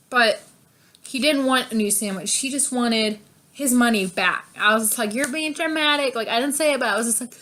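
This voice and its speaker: A woman's voice: a little high, pushed and bright. A young woman casually telling stories about her first job, chatty and full of fillers, laughing often. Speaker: vlogger. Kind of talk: casual storytime chat.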